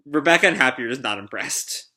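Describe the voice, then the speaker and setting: Casual manga-reacting man, bright voice. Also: medium pitch, lively intonation, quick pace. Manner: casual, lots of "like" fillers, swears. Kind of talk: live manga reading and reaction.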